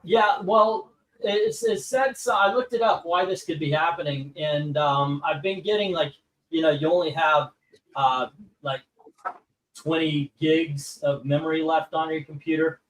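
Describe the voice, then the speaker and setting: A man's voice: a little high, expressive, a little slow, distant mic, low-quality recording. A man hosting a live comic book auction stream, chatting casually and rambling with many filler words. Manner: rambling, full of filler words, self-mocking.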